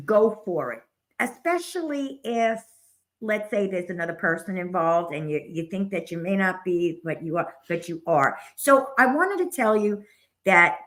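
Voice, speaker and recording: A woman's voice: mid-range voice, a bit bright. An older woman co-hosting a psychic show, chatting and giving encouraging astrology readings. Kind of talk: casual chat and astrology reading.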